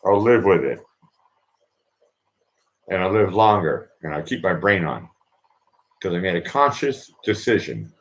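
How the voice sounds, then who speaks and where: A man's voice: deep voice, very animated, unhurried, pauses often. A man vlogging in a casual personal monologue, rambling earnestly and repeating his phrases.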